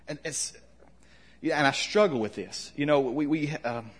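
A man preaching a conversational sermon, asking questions and letting his voice drop soft at the ends of lines. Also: a little high, breathy edge. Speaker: pastor.

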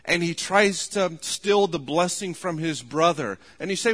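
A man preaching a sermon in an earnest tone, voice rising to loud pleading when he quotes. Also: on the high side, measured pace. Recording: long hall reverb.

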